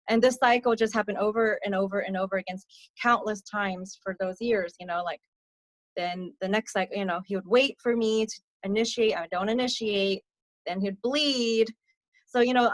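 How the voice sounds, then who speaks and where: A young adult woman giving a candid personal testimony as a podcast guest, speaking softly with many fillers and letting her voice sink on the hardest parts. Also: no echo. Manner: soft-spoken, frequent fillers, drops low on hard parts. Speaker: podcast guest, abuse survivor mentor.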